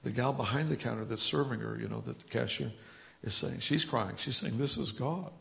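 A man's voice: mid-range voice, a little fast, creaky, slight background noise. A man who leads a church, telling healing stories in an interview and chuckling as he builds them up. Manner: storytelling, chuckling, grows animated and loud. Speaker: church leader.

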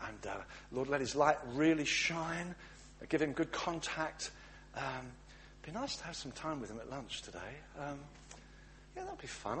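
A man's voice: mid-range voice, a bit bright, a little hiss or hum, pitched below the performer's own voice, natural voice. A man playing a scatterbrained praying housewife. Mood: dreamy. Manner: rambling, self-interrupting, easily sidetracked. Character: flustered distracted praying housewife.

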